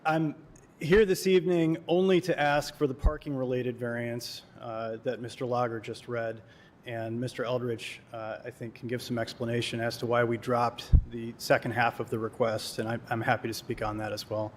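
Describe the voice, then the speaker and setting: Man, applicant at public hearing, formal testimony, uh-filled, mid-pitched. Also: flat delivery, moderate pace, a little hiss or hum. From Kalamazoo, Michigan. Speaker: developer applicant.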